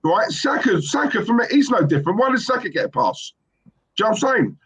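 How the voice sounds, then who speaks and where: A man hosts a football fan stream and argues his point hard. His voice sits high and swings widely. It has a slightly husky edge. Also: sing-song, quick pace, fairly bright tone, low-quality recording. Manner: emphatic, keeps asking "right?". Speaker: fan show host. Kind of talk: casual football fan chat.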